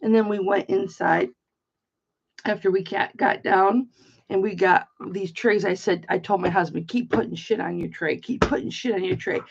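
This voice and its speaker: There's slight background noise as a middle-aged Michigan woman hosts an online auction, rambling bluntly through a story and swearing without restraint in a casual, chatty livestream. She speaks at a moderate pace in a mid-range voice with vocal fry and fairly even intonation. The lo-fi stream audio is slightly dull.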